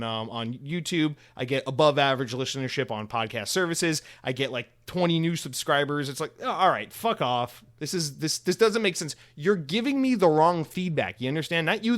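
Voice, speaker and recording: A man in his thirties hosting a solo podcast alone, rambling casually with sarcastic, profane asides. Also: on the high side.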